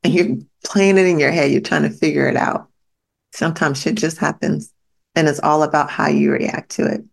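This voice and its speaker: Gravelly-voiced woman giving a blunt pep talk. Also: low voice, steady tone, normal speed. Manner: emphatic repetition to the listener. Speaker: podcast host. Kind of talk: motivational podcast monologue.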